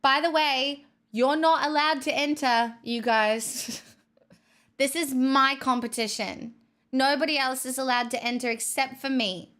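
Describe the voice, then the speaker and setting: A woman's voice: sits high, steady tone, unhurried, fairly bright tone. A young adult woman streaming, reading chat aloud in a playful, teasing casual chat.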